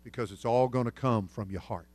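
A man's voice: medium pitch, a little fast, dry recording. Folksy preaching man, dry close sound. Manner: folksy storytelling preacher, swings from loud to hushed. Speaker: senior pastor. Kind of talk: sermon.

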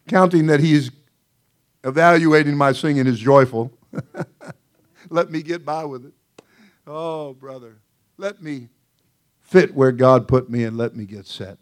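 A man preaching a sermon to his congregation as senior pastor. His voice sits a little higher than most men's. He talks in a folksy, joking way, often laughing and exclaiming.

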